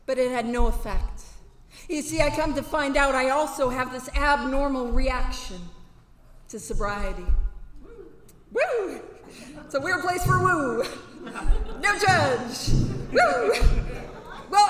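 A woman's voice: high voice, lively intonation, normal speed, fairly bright tone. A woman giving a candid personal testimony at a banquet, earnest and direct, sometimes breaking into sudden whooping bursts. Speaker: recovery speaker at a banquet. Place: banquet hall. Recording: echoey hall with long reverb.

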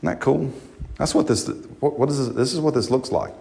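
A man, a pastor preaching a sermon in church in a folksy, animated way full of rhetorical questions. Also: mid-range voice, fairly quick, vocal fry.

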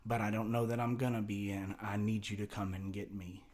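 A man telling a wild story in casual talk, rambling and profane with lots of fillers and restarts. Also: a little fast. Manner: drops low and quiet for tense parts, gets loud and high for excited quotes. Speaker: storyteller guest.

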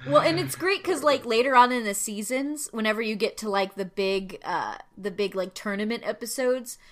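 Casting: bright, clear woman as a chatty host who rambles with lots of "um"s. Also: on the high side, normal speed. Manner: chatty, explains at length with many fillers. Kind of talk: casual chat.

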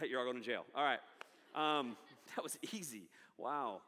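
A man in his thirties preaching a sermon with lots of energy, swinging from loud to hushed. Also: mid-range voice, animated, unhurried, long reverb tail. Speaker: pastor.

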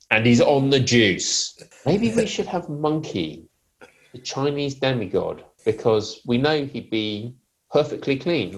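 A middle-aged man co-hosting a comic podcast, delivering jokes in a deadpan, mock-serious way. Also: mid-range voice, low-quality recording. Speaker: podcast co-host.

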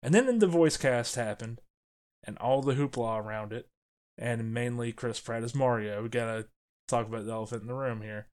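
A man co-hosting a podcast, talking casually and jokily about a film, getting animated and trailing off into restarts. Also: medium pitch, normal speed. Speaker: podcast co-host. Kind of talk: casual movie review chat.

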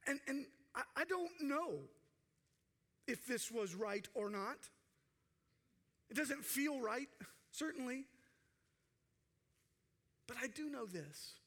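A man preaching a sermon with passion, acting out quoted cries and dropping to hushed tones for emphasis. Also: very high voice, lively intonation, slow pace, long pauses. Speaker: pastor.

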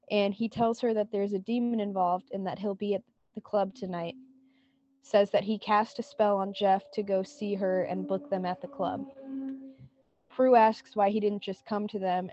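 A woman's voice: mid-range voice, warm tone, dry recording, lo-fi sound. A woman co-hosting a podcast, retelling a TV scene in casual chat and quoting lines with lots of "like". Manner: retells scenes with many "like" quotes. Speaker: podcast co-host.

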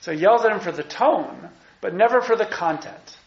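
A man giving a lively, conversational lecture on scripture and acting out the quotes, in a muffled, echoey room recording. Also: sits high, normal speed, vocal fry. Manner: animated, conversational, acts out quotes. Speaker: teacher.

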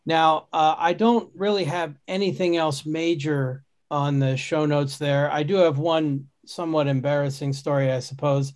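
A man's voice: on the high side, fairly even intonation, moderate pace, few pauses, a little mellow. A man hosting a casual podcast conversation, talking in a rambling way with many restarts and fillers. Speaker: podcast host.

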